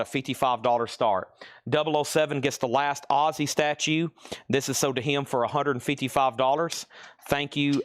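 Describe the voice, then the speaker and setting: A man hosting a live record sale, briskly rattling off titles and prices, and he is out of breath. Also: mid-range voice, no echo, clean studio sound. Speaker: host selling vinyl records live. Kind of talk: live auction calling.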